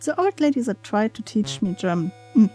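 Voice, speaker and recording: A woman's voice: mid-range voice, expressive, fairly quick, mellow, faint music behind. A young woman playing through a game, reading its text aloud with chatty, giggly asides. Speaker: gaming streamer.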